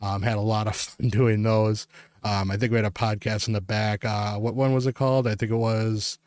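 A man's voice: on the low side, little pitch movement, normal speed, darkish tone, no room sound. A young man hosting a podcast, telling a long story in casual, rambling chat full of filler words. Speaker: podcast host.

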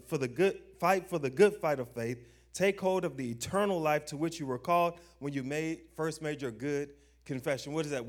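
A young adult man preaching a sermon, emphatic, asking the listeners questions and reading scripture slowly with stress. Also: mid-range voice. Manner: emphatic, call-and-response questions; slow stressed scripture reading, informal grammar.

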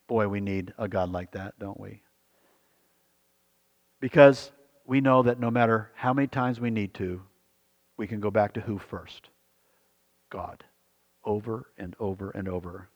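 A man's voice: on the low side, normal speed, long pauses. Earnest male pastor preaching in a hall. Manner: earnest, repetitive, asks the congregation questions. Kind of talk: sermon.

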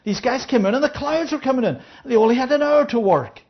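Animated Bible teacher, dull lo-fi recording. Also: sits high, fast. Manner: checks in with listeners, asking "Yeah?"; acts out the parable's speakers in lively voices. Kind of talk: interactive Bible study teaching.

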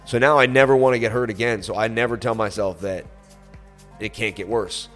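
Low-voiced laid-back crypto streamer. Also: male voice, brisk, faint music behind. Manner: relaxed, rambling, many fillers. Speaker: crypto livestream host. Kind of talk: casual livestream chat reading super chats. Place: on vacation in Florida.

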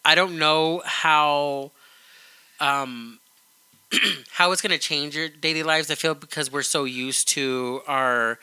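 A man's voice: medium pitch, bright, forceful tone, smooth, no room sound. A young adult man co-hosting a podcast, explaining things in an earnest, rambling way. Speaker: podcast co-host. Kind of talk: casual podcast chat.

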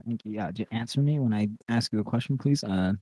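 A young man co-hosts a podcast, chatting casually and profanely while eating, with a laid-back manner. His lowish voice is brisk, dark and husky, and the recording is dry.

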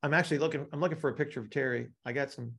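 A man's voice: mid-range voice, steady tone, rapid-fire, vocal fry, a bit bright, slightly rough. A man teaching a live class, explaining with analogies and often checking in with "right?". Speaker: instructor.

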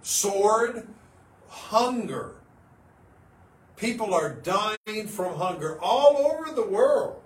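A man's voice: high voice, big pitch swings, drawn-out words, long pauses. A man co-hosting a religious podcast, earnest and dramatic, firing off rhetorical questions. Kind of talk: casual religious podcast chat. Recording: roomy, distant mic, faint noise.

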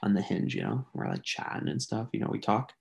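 A man co-hosting a casual podcast, joking and teasing, sometimes dropping into a hushed mock-sensual voice. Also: fairly low pitch, huge pitch swings, fairly quick, creaky. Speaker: podcast co-host.

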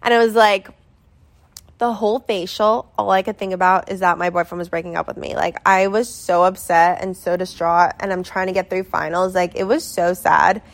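A woman's voice: on the low side, level tone, moderate pace, vocal fry. A young adult woman telling a story in casual chat, rambling and filling it with constant "like". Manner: rambling, filler-heavy with constant "like".

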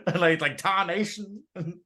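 A man's voice: mid-range voice, expressive, moderate pace. Laughing English man in casual chat. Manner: laughs often, drops into jokey put-on accents. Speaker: podcast co-host. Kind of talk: casual chat reviewing a TV episode.

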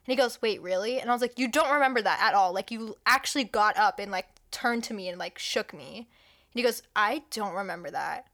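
Bright-voiced young woman telling stories. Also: on the high side, quick pace. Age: young adult. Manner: animated storytelling, drops to whispers for quoted lines. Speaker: podcast co-host. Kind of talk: casual chat.

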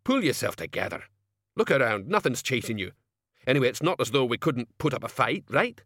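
A man voicing a gruff, bossy male gang leader who speaks bluntly and with sarcasm. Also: mid-range voice, very animated, a little fast, a bit bright, no room sound, studio quality, pitched above the performer's own voice. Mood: stern.

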